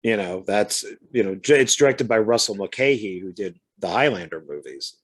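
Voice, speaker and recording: A man's voice: on the low side, expressive, moderate pace, husky. A man co-hosting a casual film chat, chatty and hesitant, often stumbling over his words. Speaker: co-host.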